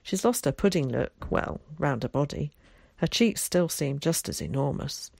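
A woman voicing an excitable, theatrical boy who chatters eagerly. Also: low-pitched, moderate pace, vocal fry, no echo, full character voice. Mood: chatty.

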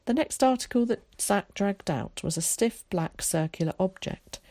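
A woman narrating a children's storybook aloud in a calm, even manner. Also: mid-range voice, normal speed, no echo, clean studio sound. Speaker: audiobook narrator.

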